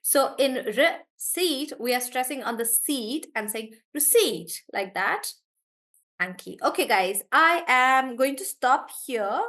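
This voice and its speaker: A woman with a fairly high voice teaches English pronunciation in a live online class. She slows right down and stretches each word to show where the stress falls, then speeds back up to chat with her students, calling them by name as she answers their questions. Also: expressive, pushed and bright.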